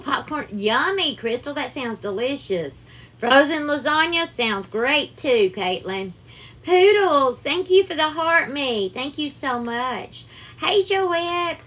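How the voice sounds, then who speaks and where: Southern woman, cooking stream host, crisp bright tone, a bit high, affectionate and chatty with viewers. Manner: chatty, greets viewers by name with terms of endearment. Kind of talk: casual live cooking stream.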